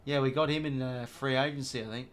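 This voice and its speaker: A man's voice: medium pitch, steady tone, fast, fairly bright tone. A young adult man with an Australian accent, hosting a live watch-along stream in a rambling, chatty way, swearing freely as he calls the play and chats between passages.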